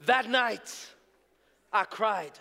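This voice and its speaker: Preacher guy giving his testimony, high voice, big echoey hall, switches from quiet to shouting. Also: very slow, gravelly. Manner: animated storytelling, shifts between hushed and shouting. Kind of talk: sermon testimony.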